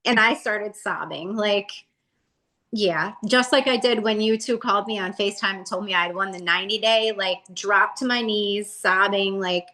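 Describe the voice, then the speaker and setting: A woman in her forties talks through her story as an interview guest, casual and animated. She acts out what people said, and her voice climbs when she does. Her pitch sits in the middle for a woman. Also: normal speed. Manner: animated, acts out quotes with a rising voice.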